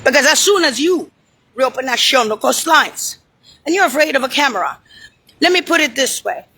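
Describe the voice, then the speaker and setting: Woman ranting into the camera, high bright voice, swearing nonstop, all over the place. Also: animated, fairly quick, slightly rough, rough recording. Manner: profane, insulting, rambling and disjointed; points at something on screen while talking. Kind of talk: angry ranting monologue.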